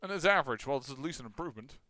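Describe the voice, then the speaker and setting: A man's voice: mid-range voice, lively intonation, rapid-fire, pushed and bright. A man casually commenting on his own strategy game as he plays, thinking aloud with lots of fillers and restarts. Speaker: gameplay commentator.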